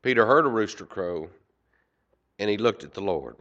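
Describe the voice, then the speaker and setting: A man preaching a sermon, swinging from loud emphasis to quiet asides. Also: on the low side, expressive, moderate pace. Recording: dull lo-fi recording.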